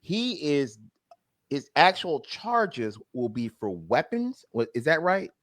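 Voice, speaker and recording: An animated male radio host chatting and joking in a studio. His pitch sits a little high and swings widely as he talks, and the sound is close and dry. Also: dry recording. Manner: animated, joking, quick to laugh. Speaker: radio comedy show host. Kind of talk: casual radio banter.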